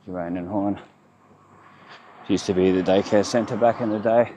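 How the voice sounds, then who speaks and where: An Australian vlogger with a low, mellow voice strolls outdoors along his town's riverside streets, giving a casual walking tour at normal speed with a steady tone. He's rambling and chatty, speaking in loose, short fragments he keeps correcting, his delivery wandering and relaxed. A faint outdoor hiss and insects sound in the background.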